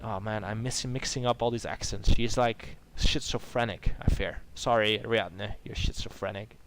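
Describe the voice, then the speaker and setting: A man's voice: on the low side, steady tone, normal speed, fairly bright tone, a little hiss or hum. Casual man narrating his game playthrough. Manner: reads game text aloud, with trailing asides. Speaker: let's play host.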